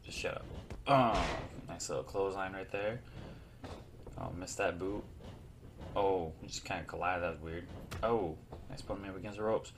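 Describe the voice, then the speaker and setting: Man, fairly low voice, casual let's play commentary, excited reactions, joking, noisy recording. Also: normal speed, long pauses. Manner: joking, trash-talking. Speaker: gaming YouTuber.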